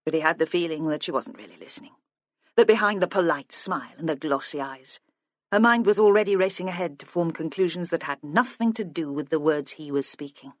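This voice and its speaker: A narrator reading a crime novel aloud in measured, even storytelling. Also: medium pitch, no room sound. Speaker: audiobook narrator. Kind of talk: scripted narration.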